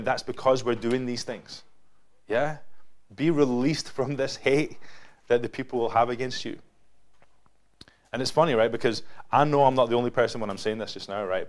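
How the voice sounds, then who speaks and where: Chatty Scottish man preaching a sermon. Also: mid-range voice. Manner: casual, chatty preaching with frequent "right?" and "yeah?". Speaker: pastor. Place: church building.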